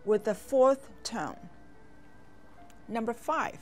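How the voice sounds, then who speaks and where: Woman teaching language tones super slow and careful, kinda high voice, soft music under it. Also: animated. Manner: clear, careful enunciation with long pauses. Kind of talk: slow, deliberate instructional narration. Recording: voice over soft background music.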